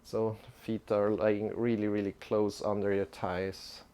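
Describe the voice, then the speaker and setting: Slow, calm male yoga teacher. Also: fairly low pitch, clear, resonant tone. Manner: calm, halting, with many restarts. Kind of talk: live-streamed yoga instruction.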